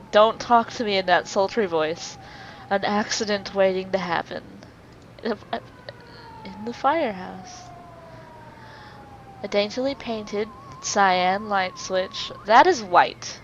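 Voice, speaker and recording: Slow-talking woman gamer, lively pitch. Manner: exclaims and laughs at the game. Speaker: gamer playing a video game. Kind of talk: let's play commentary. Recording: dull lo-fi mic with faint hiss.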